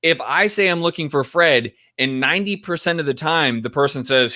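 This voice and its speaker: Man, casual sales coach, bright forceful voice, talks straight to the viewer. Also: on the high side, lively intonation, normal speed. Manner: direct, conversational, acts out sample phone calls. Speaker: real estate investing coach. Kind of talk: casual teaching talk.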